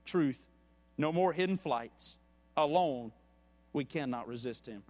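A man voicing a grieving, merciful old king, speaking low, soft and grave in a church. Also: slow, in a large hall. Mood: solemn.

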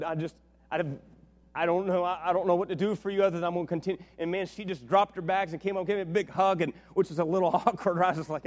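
A man preaching a sermon as a pastor, telling a story with lively acted-out dialogue. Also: a little high. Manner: animated storytelling, acts out dialogue with big swings in loudness. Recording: long reverb of a large hall.

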